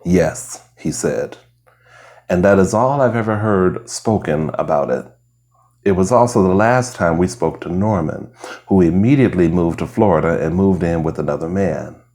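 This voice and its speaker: A man reading essays aloud in a soft ASMR style, hushed and slow, sometimes slipping into a whisper. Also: low voice. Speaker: reader. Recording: lo-fi home recording.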